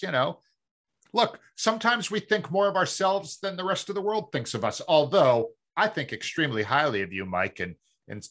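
A man's voice: mid-range voice, a bit bright. A man from Massachusetts co-hosting a sports podcast, chatting casually and filling his talk with "you know". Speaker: podcast co-host.

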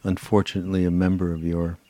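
Man, very low voice, co-host, halting speech, dry sound. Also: monotone, mellow, no room sound. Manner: hesitant, many fillers. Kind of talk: casual chat.

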